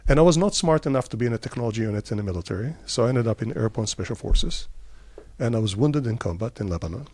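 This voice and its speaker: A middle-aged Israeli man, a startup CEO, answering interview questions with lively stories, quick bursts and many fillers. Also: mid-range voice, dry recording.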